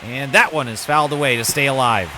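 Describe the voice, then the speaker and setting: A man's voice: medium pitch, brisk, background noise. A man commentating his own video game baseball season, switching between broadcaster-style calls and muttered asides. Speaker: gaming YouTuber.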